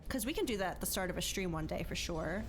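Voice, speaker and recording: A woman's voice: lowish voice, lively intonation, fast, over music. A woman game streamer in casual live-stream chat, emotional and chatty, laughing and close to tears.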